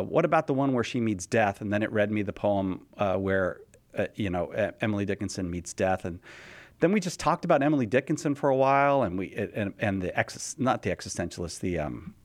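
A man hosting a podcast, telling a story in casual chat with many restarts and stumbles. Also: on the low side. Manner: mimics a cheerful chatbot voice in quotes. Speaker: podcast host.

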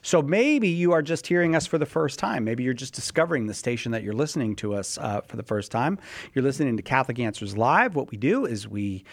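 Male radio host, lively swooping pitch, dry studio sound, call-in show. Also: vocal fry, no room sound. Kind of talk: live call-in radio hosting. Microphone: studio microphone.

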